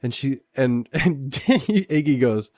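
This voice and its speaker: A man's voice: mid-range voice, lively intonation, slow pace, darkish tone, no echo. A man co-hosting a podcast, chiming in on a film recap and acting out the characters' quotes. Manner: chimes in with acted-out quotes and laughs. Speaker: podcast co-host. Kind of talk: casual film recap chat.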